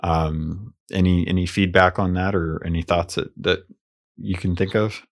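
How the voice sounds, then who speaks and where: Casual host, man, deep low voice, measured and thoughtful, lots of ums. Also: fairly even intonation, creaky. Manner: measured, reasoning aloud with many fillers. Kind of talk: casual discussion.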